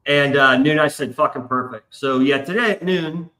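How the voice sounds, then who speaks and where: A man hosts a casual live stream, swearing freely as he rambles through a long story. His voice is bright and forward. The room gives it a noticeable echo. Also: fairly high pitch, moderate pace. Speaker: stream host. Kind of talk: casual chat.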